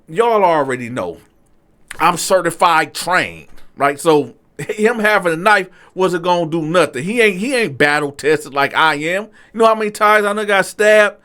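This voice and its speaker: A male host tells a story casually to his viewers. His voice sits a little high. He talks in an animated, profane way and keeps breaking off to address his audience.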